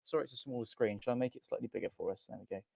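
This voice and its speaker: A man's voice: mid-range voice, racing, vocal fry, mellow, breathy edge, dry recording. A man hosting a fan watchalong, giving casual live match commentary in a chatty, rambling way and often correcting himself. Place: small home studio.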